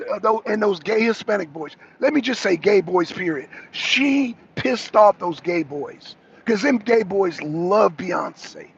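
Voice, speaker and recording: A man's voice: high-pitched, slightly rough. A man co-hosting a political talk show, giving heated, rambling commentary full of restarts and asides. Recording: dull lo-fi audio.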